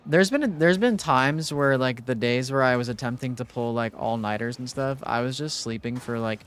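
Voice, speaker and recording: A young man streaming live, chatting casually with his viewers in a relaxed, rambling way, full of fillers. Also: mid-range voice, moderate pace, slight background noise. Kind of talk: casual livestream chat with viewers.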